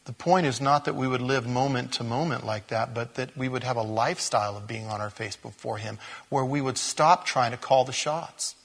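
A pastor preaching an expository sermon, animated, with sudden loud rises to stress words. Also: male voice, mid-range voice, moderate pace, vocal fry, hardly any pauses. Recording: long reverb of a large hall.

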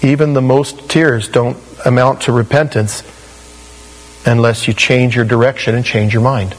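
A man's voice: mid-range voice, normal speed, low-quality recording. A man preaching a sermon, telling stories with animation and acting out the voices of the people he quotes. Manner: animated storytelling, acts out quoted voices, laughs at his own stories. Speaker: pastor.

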